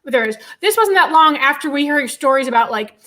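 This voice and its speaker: A woman's voice: sits high, animated, a little fast, sharp tone. A woman in a casual chat who handles the travel plans, dropping wry, teasing asides. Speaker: guest, manages travel arrangements.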